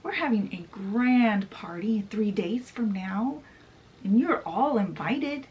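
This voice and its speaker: A woman's voice: medium pitch, expressive, slow pace, recorded from a distance, highs cut off. A woman voicing a loyal male pirate first mate in a storybook retelling, sounding cheerful and inviting.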